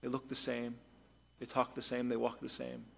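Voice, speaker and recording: A man preaching a sermon as pastor, moving between hushed storytelling and emphatic points. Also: medium pitch, completely flat delivery, normal speed, vocal fry, breathy edge.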